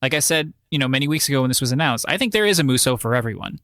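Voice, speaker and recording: A man's voice: mid-range voice, animated, rapid-fire, sharp tone, no room sound, studio quality. A man co-hosting a gaming podcast in casual chat, joking and teasing his co-host.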